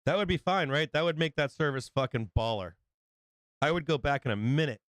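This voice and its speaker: Smooth-voiced swearing livestream host. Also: male voice, fairly high pitch, fairly quick, fairly bright tone, no echo. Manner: rambling, swears a lot, acts out quotes. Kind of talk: casual profane chat.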